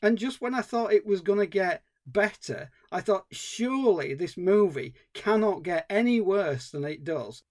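A man's voice: high-pitched, expressive, measured pace, hardly any pauses, a little mellow. A man co-hosting a film podcast, ranting in an exasperated, casual review style. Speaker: podcast co-host.

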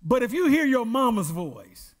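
A man serving as pastor at a Bible study preaches in a very high-pitched, very animated voice in a large hall. He is emphatic, draws out his words and calls on the congregation to answer back.

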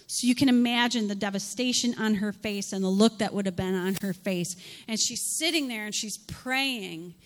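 A woman pastor gives a sermon with lively, expressive delivery. She poses rhetorical questions and slips into dramatized scripture dialogue. Her voice carries a long reverb, as in a large hall. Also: medium pitch, normal speed, hardly any pauses.

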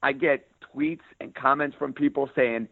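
A sports radio host with a New York accent, a rough-edged voice and an emphatic, plain-spoken way of talking, heard as an interview guest. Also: male voice, medium pitch, fairly even intonation, moderate pace, no echo. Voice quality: rough around the edges voice. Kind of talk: interview guest, casual talk. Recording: phone line.

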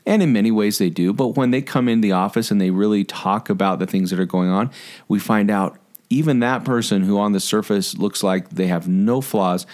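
A man who is a psychologist, explaining ideas in a thoughtful, measured way in a casual podcast chat. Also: lowish voice, darkish tone.

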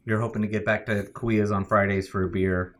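Male podcast co-host, casual, animated storyteller who laughs through his jokes. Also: on the low side, brisk. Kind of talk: casual chat.

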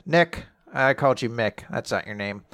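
Gravelly man co-hosting a chat show. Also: medium pitch, animated, moderate pace, fairly bright tone, no echo, studio quality. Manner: laughs easily, loose recap. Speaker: podcast co-host. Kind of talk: casual chat recapping a comic.

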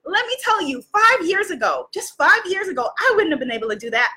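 Woman life coach on a live stream, very high and bright voice, exuberant, cheering, out of breath. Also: sing-song, a little fast, few pauses. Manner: exuberant, laughing often, calling out cheers. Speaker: spiritual business coach. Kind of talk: live-streamed motivational talk.

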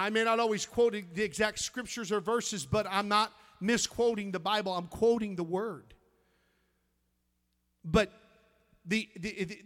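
A man preaches with an emphatic, high voice, stumbling and restarting as he finds his verses. The church around him leaves a long reverb on every word. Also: a bit bright. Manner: emphatic, reads scripture aloud with halting restarts. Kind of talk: sermon.

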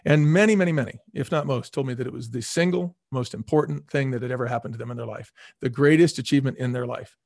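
Middle aged guy, quick talker, animated interview stories, does little voices for people, dry close mic. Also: mid-range voice, gravelly, no room sound. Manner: animated storyteller, acts out quoted voices, repeats words for emphasis. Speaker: former restaurant chain CEO, guest. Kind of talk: casual storytelling interview.

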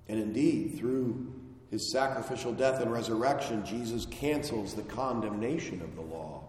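A man preaching a sermon, slow and emphatic, with phrases that fall away at the ends. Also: mid-range voice, a little mellow. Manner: slow, emphatic delivery with falling phrase endings. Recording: very echoey hall with long reverb.

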